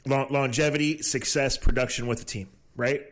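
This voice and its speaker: A man's voice: mid-range voice, steady tone, normal speed. A man co-hosting a podcast, telling sports stories in casual chat with frequent laughs. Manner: laughing storyteller, trailing off. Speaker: podcast co-host.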